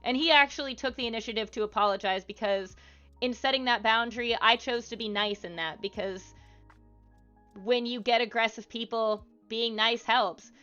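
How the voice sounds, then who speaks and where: Brief: woman streamer, bright, smooth voice, chatty and filler-heavy, dull lo-fi audio with faint music. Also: on the high side, normal speed. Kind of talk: casual live-stream talk.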